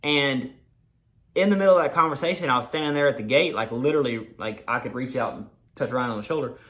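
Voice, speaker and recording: A man telling an excited, swear-filled story to the camera in a casual vlog. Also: mid-range voice, quick pace. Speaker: vlogger.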